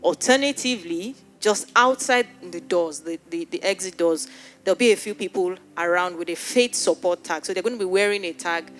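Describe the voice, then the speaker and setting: A woman's voice: lowish voice, moderate pace, faint music behind. A woman pastor leading an altar call in a church, speaking earnestly and pleading, often repeating her words. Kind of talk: sermon altar call and prayer. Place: church hall with live audience.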